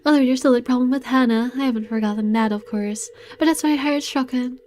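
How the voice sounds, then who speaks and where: A woman's voice: high-pitched, steady tone, a little mellow, a little hiss or hum, lightly acted. A woman reading as a proud young man. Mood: haughty. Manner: measured, dramatic reading. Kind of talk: reading game narration aloud. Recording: faint game music behind.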